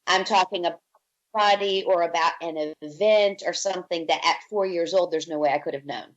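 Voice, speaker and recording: On the low side and a little fast, this woman from Virginia narrates her life story as a podcast guest, vividly imitating the people she quotes. The audio sounds dull.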